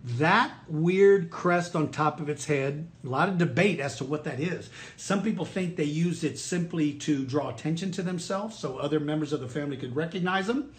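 A man's voice: on the high side, moderate pace, few pauses. A man giving an online lesson for children, talking to them directly with enthusiasm. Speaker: dinosaur educator. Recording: roomy echo.

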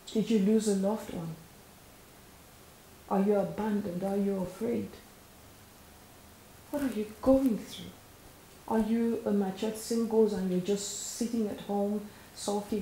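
A woman's voice: medium pitch, mellow. A woman hosting and preaching a sermon, earnest, asking the listener questions and leading them in prayer. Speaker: host and preacher. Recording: echoey room with faint hiss.

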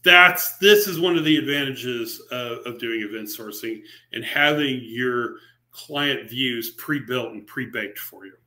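A man talks through code at a virtual meetup in a chatty, unscripted way. His voice has a bright, forward edge, and he is in the middle of explaining, stumbling and restarting as he goes. Now and then a dry, sarcastic remark slips in. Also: mid-range voice, unhurried. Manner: conversational, with frequent fillers and restarts, mildly sarcastic asides. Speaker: featured speaker presenting a software library. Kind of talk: technical presentation on a live stream. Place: remote meetup talk over a video call.

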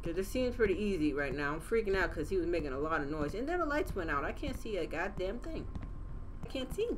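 A young woman playing a horror game and reacting out loud, profane and jokey as she goes. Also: fairly low pitch, sing-song, fast, a little hiss or hum. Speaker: gaming channel host.

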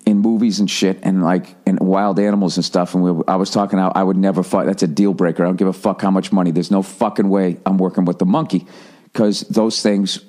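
A man's voice: low voice, flat delivery, brisk, a little mellow. A middle-aged American man with an American accent, ranting in a profane, rambling, self-mocking comedic monologue as a podcast host.

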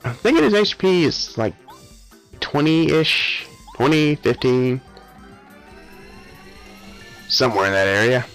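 A man's voice: mid-range voice, very animated, slow pace, long pauses, a bit bright, faint music behind, low-quality recording. A young man casually commenting on a game he is playing, offhand and sarcastic with mumbled asides. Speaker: let's play host.

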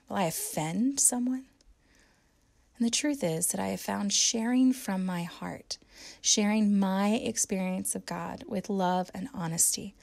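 A woman's voice: medium pitch, gravelly, no room sound. A woman preacher giving a conversational, reflective sermon that often sinks to a near whisper. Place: church.

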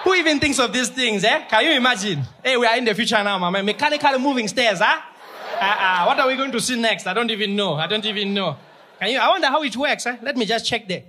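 A man putting on an awestruck local man who laughs and exclaims over every marvel, tagging "eh?" onto his questions. His voice rises high with delight. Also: expressive, brisk, background noise. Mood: amazed. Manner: chuckling, exclamatory, ends phrases with "eh?".

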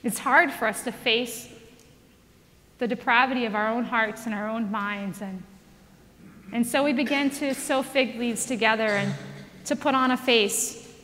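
A woman giving a conversational sermon, telling a story in a lively way and laughing along as she goes. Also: a little high, a little slow, pauses often, big-room sound, a little hiss or hum. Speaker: speaker.

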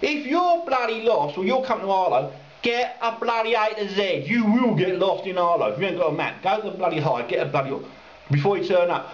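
This angry, meandering rant comes from a cyclist speaking to camera, furious at drivers who keep asking him the way, and he swears and mocks them with put-on voices. His high-pitched delivery is animated and brisk. The sound is lo-fi, roomy and dull, with faint ambience and slight background noise.

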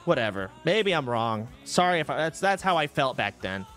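Lively, sarcastic young man telling stories. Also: a little high, moderate pace, faint music behind. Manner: profane, sarcastic, animated. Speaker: streamer. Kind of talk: casual storytelling to a live stream audience.

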